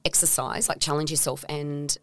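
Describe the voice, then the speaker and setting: A woman hosts a podcast in a low voice. She chats agreeably and drops casual fillers as she talks. The recording is dry and close. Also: steady tone, moderate pace, a bit bright, dry recording. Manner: agreeable, uses conversational fillers.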